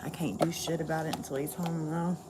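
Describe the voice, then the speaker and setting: A woman's voice: low-pitched, fairly even intonation, fairly quick, noisy background. A woman venting bluntly and candidly to viewers in a casual livestream chat.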